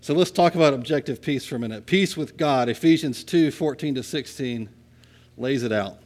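A man preaching a sermon in a conversational way, often checking in with the listeners and moving between quiet and loud passages. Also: medium pitch, moderate pace. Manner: conversational, asks "right?" often, swings from soft to loud. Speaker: pastor.

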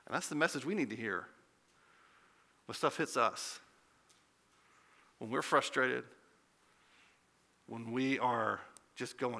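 A pastor delivers a sermon in a relaxed, conversational way. His voice is very bright and forceful. He rises to loud, emphatic peaks. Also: mid-range voice, slow pace, gravelly, long pauses.

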